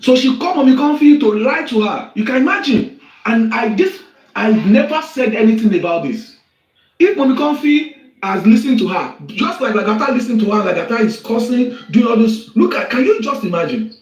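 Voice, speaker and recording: A man's voice: extremely high pitch, expressive, moderate pace. A man hosting a live stream, speaking in an aggrieved way and switching between English and Yoruba. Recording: distant, muffled, echoey live-stream audio.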